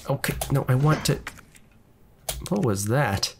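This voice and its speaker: A man's voice: mid-range voice, a little slow, gravelly, long pauses, slight background noise. A man giving casual let's-play commentary from his desk at home, jumpy and chatty, talking to the enemies on screen. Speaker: gaming video creator.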